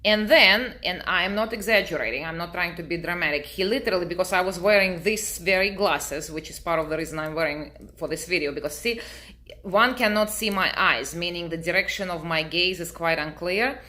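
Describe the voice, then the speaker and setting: A middle-aged woman, native Russian speaker, telling a story to her camera in a dry, deadpan way. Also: lowish voice, a little fast. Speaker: vlogger.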